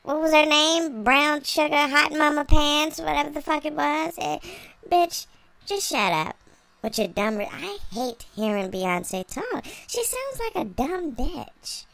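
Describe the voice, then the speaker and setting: A woman's voice: high voice, lively intonation, measured pace, gravelly, fairly bright tone, dry recording. A young woman vlogger delivering a sassy, profane, mocking reaction rant, laughing between lines.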